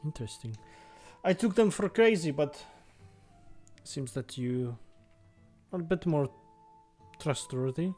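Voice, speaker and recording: A man's voice: on the high side, animated, a little slow, pauses often, a little mellow, faint music behind, voice pushed up. A man voicing a busy, friendly male innkeeper who talks politely and a little formally. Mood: curious.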